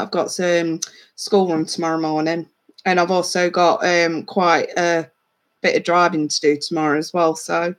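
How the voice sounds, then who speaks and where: A woman in her thirties, a psychic reader hosting a casual livestream, chatting warmly with viewers, reading out their comments and calling them darling. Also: on the low side. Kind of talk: casual live-stream chat with viewers.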